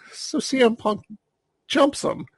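A man's voice: very high-pitched, slow pace, breathy edge, dry recording. A man co-hosting a podcast, telling a story in a dry, sardonic way. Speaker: podcast co-host. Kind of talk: casual storytelling chat.

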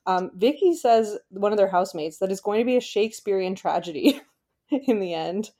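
A woman's voice: medium pitch, animated, normal speed, mellow. A woman co-hosting a podcast in casual chat, rambling with lots of "like" and restarts and often giggling. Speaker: podcast co-host. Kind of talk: casual chat recapping a reality show.

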